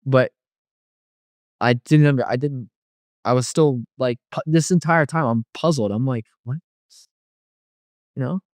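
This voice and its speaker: A man's voice: mid-range voice, moderate pace, pauses often, darkish tone, dry recording. A man casually telling a personal testimony, rambling with many fillers and restarts. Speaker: guest telling a near-death story.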